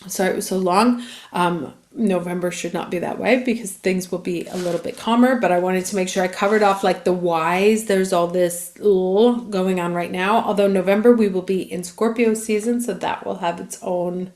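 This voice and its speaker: A woman's voice: on the low side, steady tone, normal speed, a little mellow. A woman astrologer giving a chatty, casual monthly horoscope reading that runs through dates.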